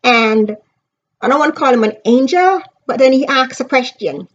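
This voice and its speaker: Woman doing a casual book review vlog, high voice, emphatic and earnest, slightly muffled lo-fi audio. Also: animated, moderate pace. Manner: earnest, emphatic, talking straight to viewers.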